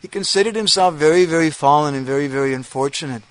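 A man's voice: a little high, quick pace, hardly any pauses, no room sound. A man giving a devotional lecture, telling a story with frequent hesitations and self-affirming "uh-huh"s. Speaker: religious speaker.

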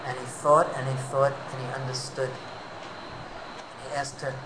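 A man preaching a devotional sermon, an animated storyteller who weaves in Sanskrit terms. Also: mid-range voice, measured pace, noisy background.

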